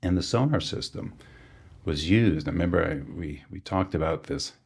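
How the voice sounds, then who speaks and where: A man, a sonar engineer guest on a podcast, giving a technical explanation and often pausing with fillers and restarts. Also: deep voice, expressive, gravelly, darkish tone, slightly rough.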